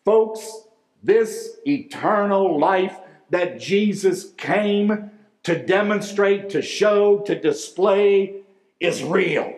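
High-voiced preacher in an echoey hall. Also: male voice, expressive, darkish tone. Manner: deliberate, emphatic, drawing out key words. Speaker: pastor. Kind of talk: sermon. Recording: echoey room.

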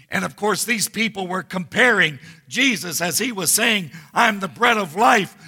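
A man preaching a sermon as pastor, teaching slowly and emphatically through scripture readings. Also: high-pitched, bright, forceful tone, breathy edge, big-room sound.

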